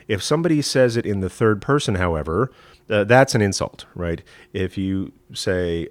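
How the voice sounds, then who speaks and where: A rabbi from East Texas with a Southern accent, hosting a live-streamed teaching talk in a folksy, rambling way with many fillers. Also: male voice, on the low side, a little slow, no room sound. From East Texas, USA. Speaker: rabbi and show host.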